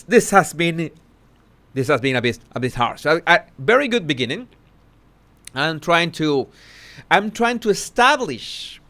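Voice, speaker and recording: A man hosting a casual live commentary, talking haltingly with many restarts and self-corrections. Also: on the high side, a bit bright. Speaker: social commentary host.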